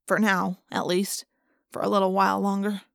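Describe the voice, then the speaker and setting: A woman narrates a first-person audiobook in a steady, measured way. Her pitch is mid for a woman. The recording is close and dry, with no room sound. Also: creaky, no room sound.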